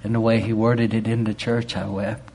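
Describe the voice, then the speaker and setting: A man preaching a sermon with fervor, swinging from loud exclamations to hushed storytelling. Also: fairly low pitch, flat delivery, moderate pace, a little hiss or hum.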